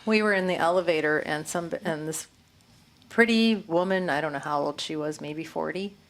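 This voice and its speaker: A woman's voice: deep voice, moderate pace. A woman in a casual chat who laughs easily and chimes in lightly. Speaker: co-host.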